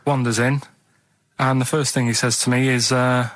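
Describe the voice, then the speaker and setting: Deadpan man telling stories. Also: medium pitch, moderate pace, no room sound. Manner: deadpan, matter-of-fact. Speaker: radio co-host. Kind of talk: rambling anecdotes on comic radio. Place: radio studio.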